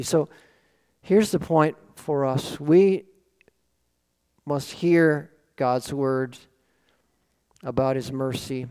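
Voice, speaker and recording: A man's voice: medium pitch, smooth. Earnest male pastor preaching in a hall. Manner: earnest, lively, asks rhetorical questions. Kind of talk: sermon. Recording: long reverb of a large hall.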